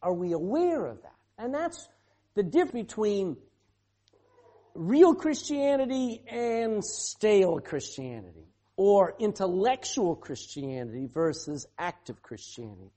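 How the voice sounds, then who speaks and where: Lively, questioning preacher mid-sermon. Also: medium pitch. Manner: animated preaching with rhetorical questions to the congregation. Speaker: pastor.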